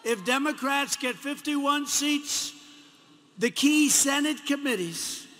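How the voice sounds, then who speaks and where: A man's voice: extremely high pitch, lively intonation, slow, bright, forceful tone. A man in his seventies with a New York accent, giving a rambling campaign rally speech full of repetition and mocking asides in a large arena. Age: 70s. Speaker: politician. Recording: echoey arena, faint crowd noise.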